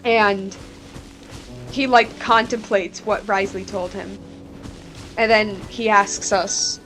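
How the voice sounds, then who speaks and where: A female streamer with a mid-range, steady, fairly bright voice discusses a game at a slow pace, pausing often. Faint music sits behind her casual, rambling, candid talk, which is filled with "like."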